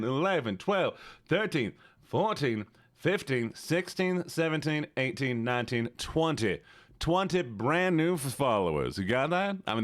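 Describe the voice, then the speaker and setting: A man's voice: mid-range voice, fairly bright tone, no room sound, studio quality. A man putting on a folksy Southern drawl. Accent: Southern US (put on). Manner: chummy drawl, reads off names. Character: drawling Southern-accented man greeting chat. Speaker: streamer. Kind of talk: live stream chat.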